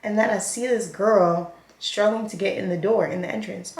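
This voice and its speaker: A young woman chats through a messy storytime while putting on her makeup. She talks in a lively, animated way and acts out everyone's lines. The sound bounces around an echoey room. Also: mid-range voice, normal speed, gravelly. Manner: chatty, animated, acts out quotes. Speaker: vlogger.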